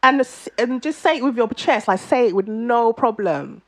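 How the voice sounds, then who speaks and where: Animated woman telling a story. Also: on the high side, moderate pace. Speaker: podcast co-host. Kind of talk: casual chat.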